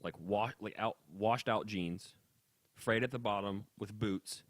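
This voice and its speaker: A young man co-hosting a casual podcast, ranting in an animated way and laughing often. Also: fairly low pitch, measured pace, no echo. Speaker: podcast co-host.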